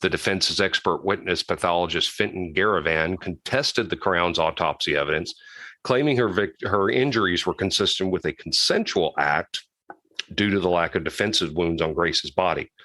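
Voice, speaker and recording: A man's voice: sits low, moderate pace, sharp tone, dry recording, rough recording. A man co-hosting a podcast, casually recapping a true-crime case from notes, with frequent restarts and side comments. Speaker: podcast co-host.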